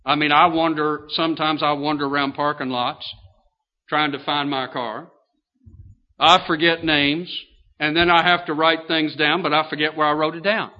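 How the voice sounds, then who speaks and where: A man's voice: fairly high pitch, level tone, moderate pace. An older man preaching a sermon in a folksy way, asking his listeners questions as he goes. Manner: folksy, asks the congregation questions. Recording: dull lo-fi sound.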